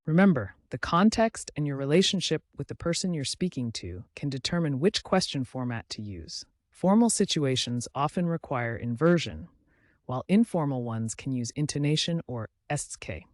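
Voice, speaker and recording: A man giving a scripted language lesson in an even, clear explanatory manner, recorded close on a studio mic. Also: on the high side, normal speed, no echo. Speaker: language teacher.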